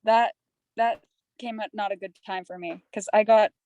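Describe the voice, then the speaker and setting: A woman's voice: mid-range voice, steady tone, moderate pace, darkish tone, dry recording, highs cut off. A young woman from Canada, a podcast guest, telling her story in a rambling, candid, chatty way. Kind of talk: candid casual conversation.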